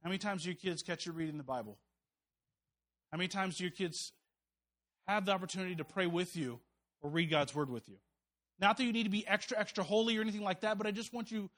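A man, a pastor, preaching a sermon to a small church in a relaxed, joking, conversational way, leading the room in call-and-response. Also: high voice, quick pace.

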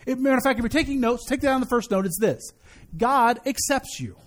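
A middle-aged man pastor preaching a sermon, an animated, joking storyteller who repeats his key points. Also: very high-pitched, brisk.

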